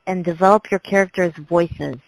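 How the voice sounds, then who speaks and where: A woman's voice: fairly low pitch, fairly even intonation, moderate pace, creaky, low-quality recording. A woman hosting an interview, asking questions eagerly and laughing between them. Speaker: interview host.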